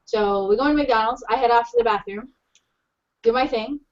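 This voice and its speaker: High-voiced woman telling a crude story. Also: fairly quick. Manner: animated, laughing, crude humor. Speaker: podcast co-host. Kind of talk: casual storytelling chat. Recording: dull lo-fi podcast audio.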